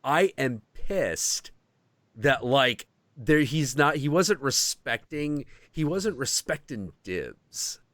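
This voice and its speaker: A man hosting a podcast, telling a story in casual chat, animated and swearing freely. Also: medium pitch, slow pace, no room sound. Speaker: podcast host.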